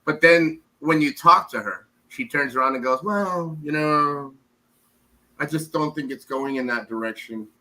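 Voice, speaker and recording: A man's voice: medium pitch, normal speed, few pauses, pushed and bright, poor audio. A man from the United States talking as an interview guest in a casual chat, rambling, repeating words and acting out quoted women.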